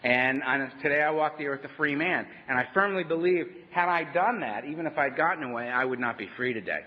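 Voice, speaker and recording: Man, higher-pitched, wry conversational storyteller at a meeting, dull recording with long hall echo. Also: brisk. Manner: storytelling, conversational, wry humor, asks "right?". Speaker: AA speaker. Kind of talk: personal recovery talk to a meeting. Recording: dull lo-fi sound in a reverberant hall.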